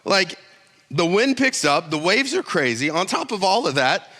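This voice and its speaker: A man preaching a casual, conversational sermon in a church, telling stories and getting animated. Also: normal speed. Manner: conversational and animated, tells stories, rises high when excited. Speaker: pastor.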